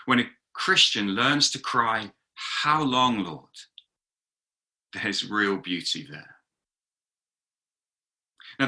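A man in middle age preaches with a very bright, ringing tone. He tells stories briskly and slips into the voices of the people he quotes, then returns to his plain preaching voice. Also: on the low side. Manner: lively storytelling with acted-out quotes. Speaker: pastor. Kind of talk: sermon. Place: talk recorded for an online gathering.

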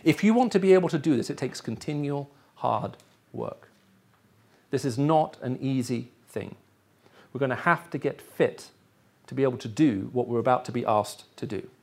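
A brisk, animated delivery in a mid-range voice comes from a middle-aged man preaching to a live audience. Raised in the Middle East and speaking with an English accent, he frequently checks in with his listeners during this sermon teaching.

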